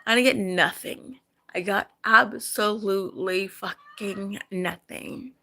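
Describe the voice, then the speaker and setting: A woman's voice: mid-range voice, slow pace, vocal fry, pushed and bright. A middle-aged woman vlogging, angry and upset, repeating herself as she vents after sleepless nights. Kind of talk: emotional personal vlog.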